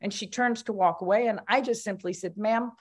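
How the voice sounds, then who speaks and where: A woman's voice: medium pitch, a little fast, breathy edge. An older woman, a commission member, giving a spoken reflection at a meeting in a conversational storytelling way, with fillers and restarts.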